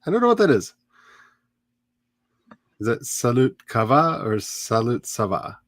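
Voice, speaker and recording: A man in a middle pitch chats loosely on a writing stream, wandering from topic to topic and poking fun at himself. The sound is dry and close, with no room around it. Asides and small jokes keep breaking into his talk. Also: sing-song, measured pace, dry recording. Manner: rambling and self-mocking, prone to jokes and asides. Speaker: livestream host. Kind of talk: casual chat during a writing sprint stream.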